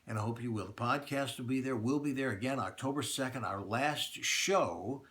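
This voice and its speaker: A man's voice: medium pitch, moderate pace, fairly bright tone. A middle-aged man, a radio talk show host, speaking straight to his listeners in a plainspoken announcement, stressing points by repeating them. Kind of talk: direct-to-listener announcement monologue.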